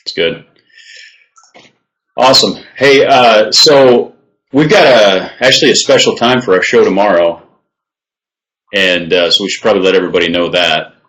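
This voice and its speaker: An easygoing man co-hosting a talk show, his voice on the low side. He chats casually and agreeably, pausing with small fillers. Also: fairly bright tone, poor audio. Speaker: co-host. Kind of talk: casual podcast chat.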